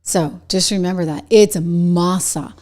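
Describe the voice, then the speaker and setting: A woman with a New England accent hosting a commentary show, talking in a chatty, animated way and laughing between points. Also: medium pitch, moderate pace. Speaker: show host. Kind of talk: commentary with a sponsor read.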